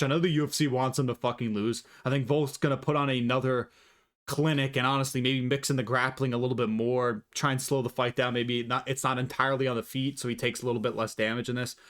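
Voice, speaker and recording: A man talking casually and profanely through his predictions, rambling and opinionated, on a desk mic. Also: mid-range voice. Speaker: MMA commentator vlogger.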